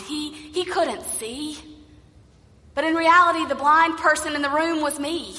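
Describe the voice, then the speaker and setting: A woman's voice: sits high, unhurried, sharp tone, in a large hall. A woman pastor preaching a sermon, telling a story and acting out the voices in it.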